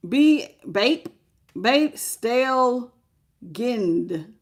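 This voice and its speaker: A woman with a slightly high voice runs a live tarot reading, laying out the cards in a loose, conversational way. She talks animatedly, laughs easily and greets viewers by name between the cards. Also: very slow. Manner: casual, chatty, animated, often laughing. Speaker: tarot reader.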